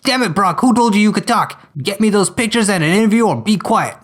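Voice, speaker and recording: A man voicing a gruff, bossy male newspaper editor who barks dismissive orders. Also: sits high, fast, fairly bright tone, voice pushed up. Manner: barking, dismissive.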